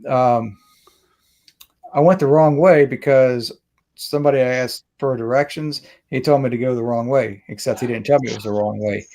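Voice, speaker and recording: A man's voice: mid-range voice, moderate pace, dark tone. A man tells a long, wandering story on a video call. He keeps restarting his sentences and chuckles at his own jokes, speaking in an ordinary middle register. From Mississippi. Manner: rambling, self-interrupting, laughs at his own story. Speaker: host. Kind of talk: casual storytelling chat. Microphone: webcam or phone on video call.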